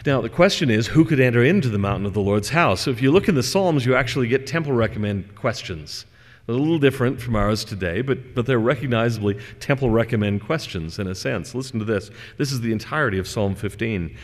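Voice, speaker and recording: A man's voice: mid-range voice, expressive, quick pace. A man giving a religious lecture to an audience in a hall, reading scripture and chatting through digressions with fillers. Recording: long hall reverb.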